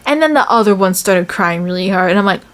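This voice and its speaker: A woman's voice: mid-range voice, fast talker. A young woman from the United States talking casually about her year teaching English in Korea, telling stories in a chatty way with lots of "like" fillers. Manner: chatty, many "like" fillers, animated storytelling. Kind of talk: casual vlog chat.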